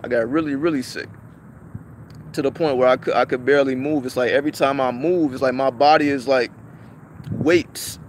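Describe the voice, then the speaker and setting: Man, casual vlog storytelling, profane, repetitive restarts, average pitch, faint traffic in background. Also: steady tone, normal speed. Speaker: vlogger.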